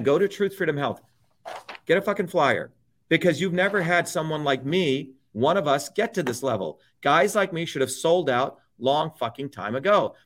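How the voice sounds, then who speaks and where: Slightly high and fairly bright, a middle-aged man appears as a guest. He tears into politics in a repetitive, emphatic rant laced with nonstop cursing.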